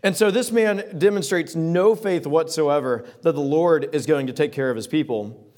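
A man preaching a sermon, retelling scripture passages in casual modern words and reading the old verses slowly. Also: fairly high pitch, darkish tone. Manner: reads King James verses slowly and solemnly. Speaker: pastor.

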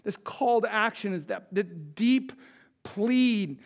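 Guy preaching a sermon, pretty high voice, pleading and intense, goes quiet then loud. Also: unhurried. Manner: impassioned, pleading, swings from hushed to loud. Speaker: pastor.

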